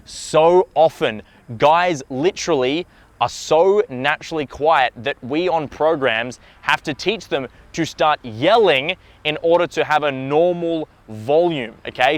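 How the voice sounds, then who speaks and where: A man giving a direct, emphatic lesson as a dating coach, often checking in with a quick "okay?" and swearing now and then. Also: a little high, a bit bright, dry recording. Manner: blunt, occasional swearing. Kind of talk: instructional talk to camera.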